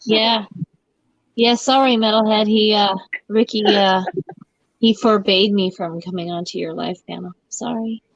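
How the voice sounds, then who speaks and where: A woman's voice: medium pitch, fairly even intonation, a little slow, gravelly, no echo. A woman co-hosting a casual live stream, teasing the others with mock British phrases. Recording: dull, dry lo-fi sound.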